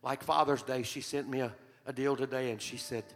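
Gravelly older preacher in a hall. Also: male voice, medium pitch, steady tone, fairly quick. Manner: heartfelt, earnest storytelling. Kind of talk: sermon storytelling. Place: church sanctuary. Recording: long hall reverb, faint music.

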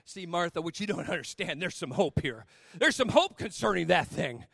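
High bright-voiced preacher guy, dry close sound, acts out the bible bits then gets fired up. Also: very animated, normal speed, gravelly, no echo. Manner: storytelling with playful acted-out dialogue, building to fervent exhortation. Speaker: pastor. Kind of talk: sermon. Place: church.

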